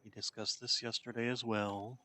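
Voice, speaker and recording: A man's voice: mid-range voice, level tone, normal speed, pushed and bright, slight background noise. A man streaming a shooter game, chatting casually and talking to his cat between game remarks. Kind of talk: casual gameplay commentary.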